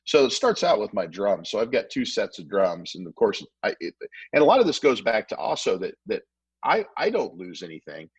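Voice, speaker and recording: A man tells stories at a fast clip, often tripping over and restarting his words. His voice sits low and a little husky. It is recorded close and dry. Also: sing-song, dry recording, poor audio. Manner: rambling, repeats words, quick restarts. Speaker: podcast guest, barbecue pitmaster. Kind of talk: casual storytelling chat.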